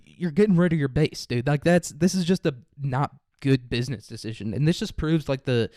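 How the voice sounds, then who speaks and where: A man's voice: medium pitch, darkish tone, no room sound. Guy ranting on his podcast, swears a lot, sarcastic, dry close sound. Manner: profane, sarcastic, mocking mimicry; laughs through his own jokes. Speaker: commentary podcast host. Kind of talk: casual ranting commentary.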